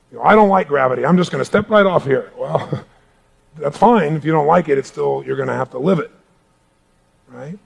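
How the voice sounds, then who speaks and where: Man, motivational speaker, emphatic, audience call-and-response, high pitch, crowd in a large room. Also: vocal fry. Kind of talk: live motivational seminar talk.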